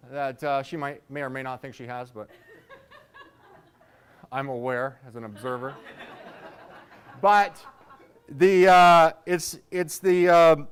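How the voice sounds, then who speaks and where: A man's voice: fairly high pitch, smooth. A man in his thirties doing a stand-up set, telling loose, rambling stories with self-mocking asides. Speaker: stand-up comedian.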